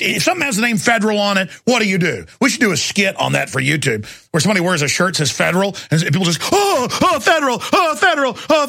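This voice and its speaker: A man hosting a talk show delivers an angry, sarcastic rant. His voice is high and gravelly. It has a bright, forceful edge. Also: dry recording, studio quality. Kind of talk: ranting talk show monologue.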